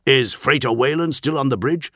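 A man voicing a reckless, gleeful male engineer in an audiobook, talking in an excitable, teasing way with a raised voice. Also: medium pitch, moderate pace, no echo, studio quality, voice pushed up. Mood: urgent, mocking. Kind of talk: audiobook character voice.

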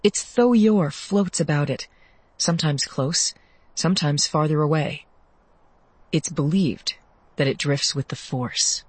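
A woman reading an audiobook in measured scripted narration. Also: low-pitched, breathy edge, rough recording.

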